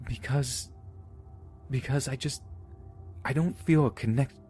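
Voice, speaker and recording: A man's voice: mid-range voice, a little mellow, breathy edge, faint music behind, pitched above the performer's own voice. A timid, frightened young woman, as a male narrator puts her on. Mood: shaken. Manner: small, hesitant, halting voice.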